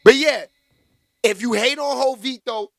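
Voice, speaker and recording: High-voiced man chatting over music. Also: measured pace, dry recording. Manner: loose, chatty, shouts out viewers by name. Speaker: livestream host. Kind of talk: casual live commentary.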